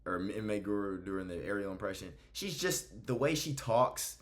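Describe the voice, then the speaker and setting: Brief: young male host, lower register, heated and foul-mouthed rant. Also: expressive, normal speed. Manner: blunt, profane, heated. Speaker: MMA commentary YouTuber. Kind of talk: ranting video commentary.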